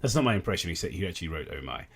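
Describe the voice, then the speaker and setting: A man's voice: deep voice, lively intonation, very fast, fairly bright tone, husky. A young man hosting a livestream, reading aloud and thanking donors in a wry, sweary way. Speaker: livestream host. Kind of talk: casual livestream commentary.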